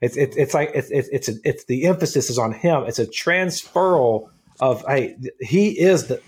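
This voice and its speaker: A man with a husky, slightly breathy voice talks through scripture on a podcast, animated and full of restarts. His tone stays casual and conversational. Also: medium pitch, normal speed. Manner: animated, repeats words and restarts often. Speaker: co-host of a Bible discussion podcast. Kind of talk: casual Bible study chat.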